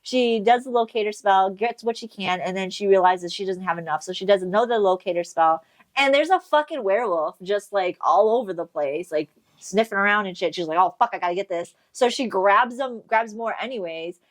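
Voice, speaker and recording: A woman's voice: mid-range voice, brisk, dry recording. Casual, swearing woman recapping a story. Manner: animated storytelling, acts out quotes, swears freely. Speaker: podcast co-host. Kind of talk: casual book recap chat.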